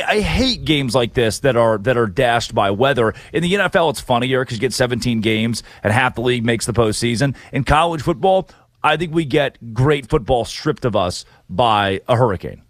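A man hosting sports talk, brash and opinionated, firing off picks with jokes mixed in. His voice sits mid-pitch for a man and sounds dry and close, with no room around it. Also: no room sound. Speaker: sports radio host.

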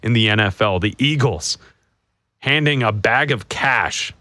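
A man's voice: fairly low pitch, bright, forceful tone, dry recording. A man co-hosting a sports talk show, joking and laughing with his partner and reading out news updates. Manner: laughs often, reads news updates briskly. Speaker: sports radio co-host. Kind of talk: casual sports talk banter.

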